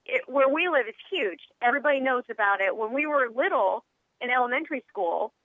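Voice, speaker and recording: A woman's voice: high-pitched, brisk, dry recording. Female caller with a Southern accent, chatty storyteller; tinny phone-line sound. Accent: Southern American. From Tennessee. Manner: chatty, laughs easily, animated quoting.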